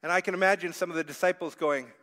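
A man preaching a sermon as pastor, swinging between hushed reflection and loud, pleading passages. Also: sits high, fairly even intonation, quick pace. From Canada. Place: church sanctuary. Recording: church hall reverb.

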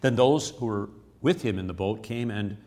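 Male devotional podcast host, lower register, earnest explanatory teaching tone. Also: normal speed, a little mellow. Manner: earnest, explanatory, repeats key phrases. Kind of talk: scripture teaching.

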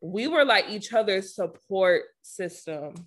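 A woman co-hosting a podcast in casual chat, affectionate and warm in her words, calling people honey and baby. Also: mid-range voice, lively intonation, measured pace. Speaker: podcast co-host.

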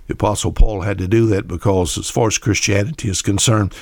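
Man preaching, low voice, folksy storytelling, acts out voices, dry close sound. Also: steady tone, brisk, a little mellow, no echo. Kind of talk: sermon.

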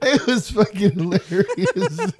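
A man's voice: sits high, breathy edge. A man co-hosting a podcast, telling stories in a casual chat and swearing freely. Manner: swears freely, animated storyteller. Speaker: podcast co-host.

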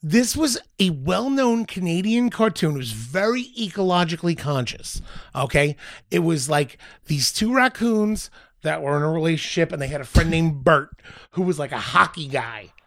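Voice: medium pitch, moderate pace, no room sound. A podcast co-host in casual comedy chat, telling a story with lots of laughing and reading aloud. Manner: animated, laughs often, reads aloud.

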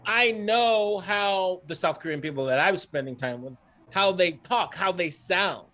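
A man's voice: high-pitched, unhurried, bright, forceful tone. A man talking in casual podcast chat, swearing and circling around his points. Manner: swearing, rambling, restarts sentences.

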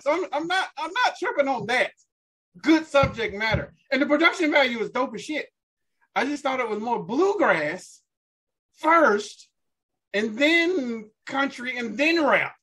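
Laughing, animated husky-voiced man. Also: very high-pitched, unhurried. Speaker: podcast co-host. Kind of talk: casual music review chat.

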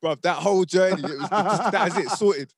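A man's voice: high voice, fairly quick, husky. A man, co-hosting a podcast, telling stories in casual slangy chat. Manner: animated storyteller, slangy. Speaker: podcast co-host.

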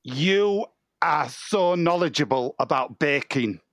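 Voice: mid-range voice, animated, takes it slowly, fairly bright tone, no echo, clean studio sound, pitched below the performer's own voice. A performer improvising a meek, gullible new trainee baker who hesitates a lot. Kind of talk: improv comedy scene.

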